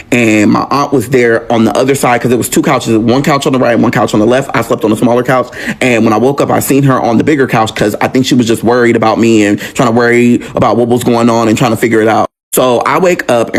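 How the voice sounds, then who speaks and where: A young man recounting a personal story, animated and raw, acting out the voices of the people in it. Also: mid-range voice. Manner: animated, acts out quoted voices with profanity.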